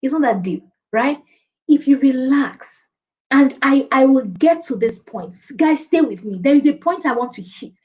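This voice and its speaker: A woman's voice: high voice, animated, normal speed, a little mellow. A woman coaching an online class on presentations, reading out viewer comments and laughing often. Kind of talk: live online training session. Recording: dull lo-fi stream audio.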